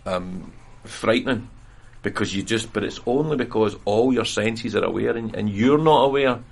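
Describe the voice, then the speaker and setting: A man's voice: on the low side, moderate pace, gravelly, breathy edge. A Scottish man, the interviewee, talking earnestly and at length in a candid interview, laughing at himself now and then. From Scotland. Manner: earnest, rambling, self-deprecating with laughter. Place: prison room.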